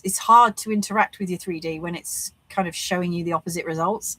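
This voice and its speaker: A woman's voice: mid-range voice, a bit bright, no echo, rough recording. A woman, speaking straight to camera, coaching on manifesting in an earnest, reflective way and asking lots of rhetorical questions. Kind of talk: talking-to-camera motivational vlog.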